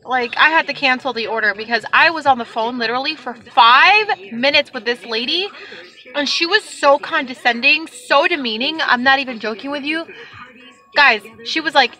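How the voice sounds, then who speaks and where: A young woman chatting casually to her vlog audience, telling stories in an animated, exasperated way. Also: sits high, normal speed, low-quality recording. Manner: animated storytelling, exasperated retelling. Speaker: vlogger.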